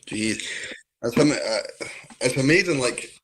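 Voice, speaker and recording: A man's voice: mid-range voice, expressive, takes it slowly, fairly bright tone, a little hiss or hum. A Scottish man from Scotland, chatting as an interview guest on a video call, telling rambling stories. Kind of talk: casual chat.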